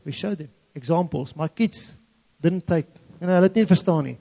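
In a dull, lo-fi recording from a reverberant hall, a man with a mellow voice on the high side speaks a little fast, with some vocal fry. He's a native Afrikaans speaker from the Free State in South Africa with an Afrikaans South African accent, sharing a testimony and moving between English and Afrikaans.

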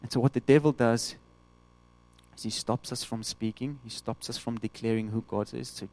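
A man's voice: mid-range voice, brisk, no echo. Dry-miked man preaching a sermon. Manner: animated, acts out quoted voices.

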